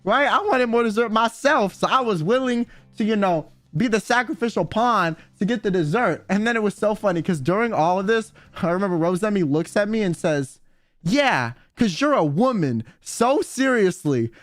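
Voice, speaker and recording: A young man streamer telling a rowdy story in casual chat, animated and swearing often as he acts out quotes. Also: sits high, moderate pace, hardly any pauses, no room sound.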